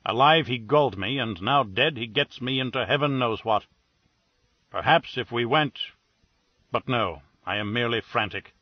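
A man's voice: mid-range voice, normal speed, no room sound, natural voice. A man playing a ponderous, pompous detective who weighs every word in long formal sentences. The audiobook sound is dry and a little dull. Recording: dull, dry studio read.

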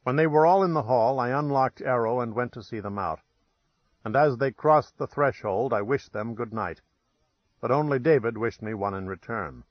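A man's voice: medium pitch, moderate pace, no room sound. A man narrating an audiobook in the first person, with dry, wry timing and a mid-range voice. The sound is dead and dry with a slightly dull, muffled top end.

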